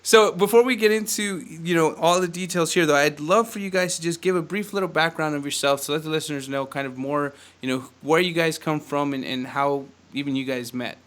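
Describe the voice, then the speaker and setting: A man hosting a podcast in an energetic, fast-talking way, laughing often. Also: fairly high pitch. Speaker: podcast host. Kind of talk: casual upbeat podcast chat.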